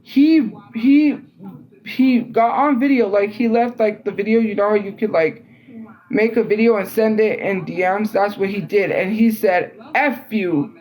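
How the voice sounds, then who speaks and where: A young woman hosting a livestream speaks at medium pitch, a little slowly, with a darkish tone on a low-quality recording. She tells a story in a rambling, filler-heavy way, saying "like" constantly and restarting often, sounding exasperated and incredulous.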